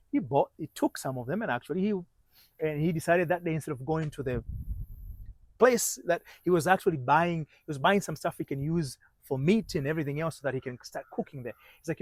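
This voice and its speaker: A man coaching on marriage, telling a story in halting sentences with many restarts and dropping to a hushed voice at tense moments. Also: fairly high pitch, no echo, rough recording. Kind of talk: motivational storytelling talk.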